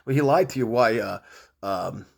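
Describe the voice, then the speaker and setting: A man's voice: on the low side, lively intonation, normal speed, vocal fry. A middle-aged man rambling at home, swearing and confronting an absent rival in a long monologue. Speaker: vlogger.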